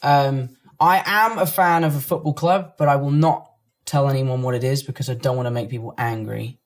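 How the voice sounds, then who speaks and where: A man's voice: medium pitch, fairly even intonation, moderate pace. A young man from England with a London accent, casually reading online comments aloud and answering them in a playful, self-mocking way. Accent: London English. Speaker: actor reading fan comments. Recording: music playing underneath.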